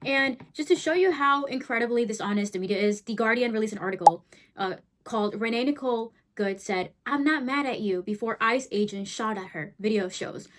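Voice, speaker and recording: A woman hosts a commentary video in a blunt, heated way, pressing each point with a quick "right?" or "okay?". Her voice sits a little higher than most women's. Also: slight background noise. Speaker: host.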